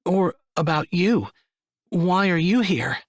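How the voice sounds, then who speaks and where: Woman reading a soft-spoken, tearful masked woman for an audiobook; low-pitched, dry booth sound. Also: lively intonation, slow pace, no room sound. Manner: soft and hushed. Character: tender, tearful young woman in a mask. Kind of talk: audiobook dialogue.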